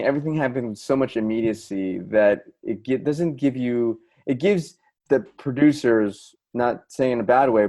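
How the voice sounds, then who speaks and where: A middle-aged man with an even voice in the middle of the male range. He reminisces as a podcast guest about decades of work on film sets, with an easy laugh. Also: medium pitch. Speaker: assistant director, podcast guest. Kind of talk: casual conversation.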